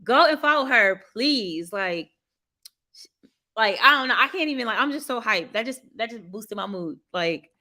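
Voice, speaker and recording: Woman vlogger, bright tense voice, candid venting chat with viewers, lots of fillers. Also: a little high, expressive, moderate pace. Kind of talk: casual chat with live viewers.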